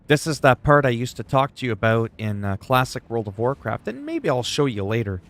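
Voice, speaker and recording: A man's voice: mid-range voice, sing-song, a little fast, fairly bright tone. A man from Canada chatting casually with viewers while he plays a video game, rambling and greeting them by name. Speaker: livestreamer. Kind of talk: casual gameplay chat.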